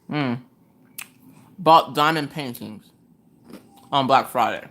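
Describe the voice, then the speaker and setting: A woman hosting a laid-back craft livestream, talking straight to her viewers. Her voice has a bright, crisp edge. She rambles in a chatty way and slips into exasperated rants full of rhetorical questions. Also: rumbling low, slow. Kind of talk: casual chat with live viewers. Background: chewing ice between sentences.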